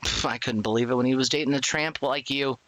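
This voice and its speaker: A streamer voicing a hard-nosed male police detective in a video game, speaking low and accusing. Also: fairly even intonation, fast talker, a bit bright, dry recording, natural voice. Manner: accusing, blunt.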